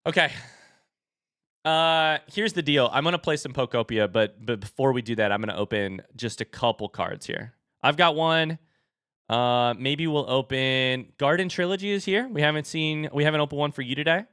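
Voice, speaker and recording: A young man live-streaming as he opens card packs and chats with viewers, turning excitable and hyping each reveal. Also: normal speed, clear, resonant tone, dry recording, clean studio sound. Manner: excitable, bursts into high shouts; hype commentary.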